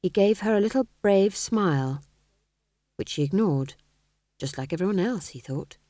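A woman narrating a comic fantasy audiobook with a wry, expressive delivery. Her voice is mellow and warm, and her pitch moves freely across the sentences. The recording is close and dry. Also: moderate pace, dry recording. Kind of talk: scripted narration.

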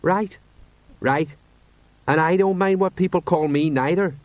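A man's voice: on the high side, a little slow, no echo, voice pushed up, natural voice. Male reader doing a raised, rambling city-watch sergeant, homely, dull recording. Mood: uneasy. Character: slow-witted, worried middle-aged male sergeant. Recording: dull, slightly lo-fi.

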